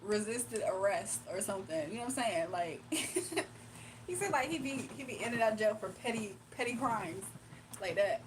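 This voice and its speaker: A woman's voice: medium pitch, fairly quick, background noise. Chatty Southern woman on a livestream. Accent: Southern US, Virginia with Atlanta influence. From Virginia, USA. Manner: chatty, laughs often, reads chat aloud and answers. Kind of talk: casual late-night live chat.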